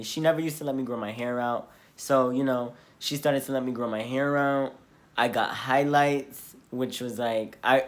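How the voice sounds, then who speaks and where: A young man telling a personal story in a casual vlog, talking in a rambling, earnest way with many fillers. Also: medium pitch. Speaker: vlogger.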